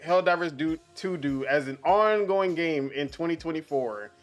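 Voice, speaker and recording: A man's voice: fairly high pitch, lively intonation, normal speed. A man with a slightly raised voice argues his point and steers who gets to talk on a casual gaming podcast. Faint music sits in the background. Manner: argumentative, moderating the talk. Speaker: podcast co-host. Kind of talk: casual chat among friends.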